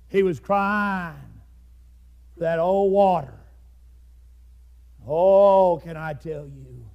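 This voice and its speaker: A man preaching a fiery sermon, swinging between loud shouted climaxes and hushed low passages.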